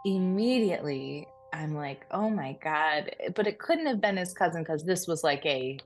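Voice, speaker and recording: Female podcast co-host, low voice, excitable casual storyteller. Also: moderate pace, faint music behind. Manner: animated, breathless retelling with frequent laughs and fillers.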